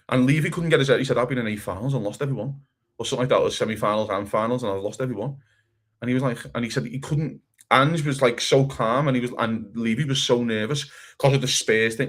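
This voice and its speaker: A man co-hosting a casual football chat, animated and swearing, acting out other people's quotes. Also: medium pitch, rapid-fire. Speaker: podcast co-host.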